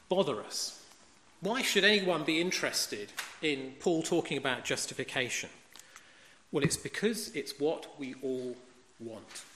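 A man with a fairly high, bright voice preaches a sermon in a forceful, emphatic tone, often posing rhetorical questions. The recording sounds like an echoey hall with a long reverb.

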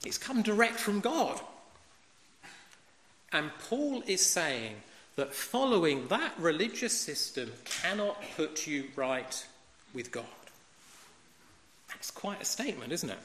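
A man's voice: on the high side, sing-song, slow pace, pauses often, fairly bright tone, slight background noise. A man preaching a sermon, emphatic and fond of rhetorical questions. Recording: echoey hall with long reverb.

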